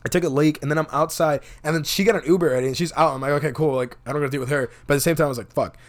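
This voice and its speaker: A man's voice: fairly high pitch, rapid-fire. A young man telling a wild night-out story in casual chat. He swears constantly and acts out what everyone said. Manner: profane, animated, acts out quotes.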